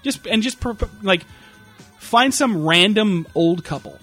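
A young man with a high voice tells crude comic stories, swearing freely and jumping into over-the-top impressions. Faint music sits underneath. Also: animated, measured pace, fairly bright tone. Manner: profane, jokey, slips into exaggerated impressions. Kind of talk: crude comedic storytelling chat.

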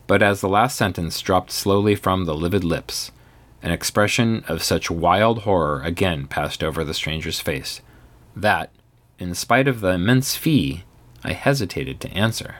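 Deep-voiced guy reading an old victorian ghost story, slow and theatrical, first person. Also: animated. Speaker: narrator.

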